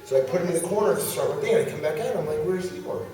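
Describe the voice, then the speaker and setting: A man with a fairly high voice tells an animated wrestling story and laughs along as he goes. He sounds far from the mic, in a big, echoey convention hall with a long reverb tail. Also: racing, over a noisy crowd. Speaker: pro wrestler guest.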